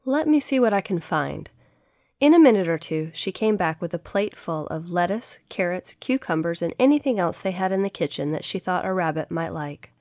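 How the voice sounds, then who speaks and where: A woman narrating a children's audiobook in a gentle, steady reading manner. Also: on the low side, brisk, few pauses, no echo. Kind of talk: scripted storybook narration.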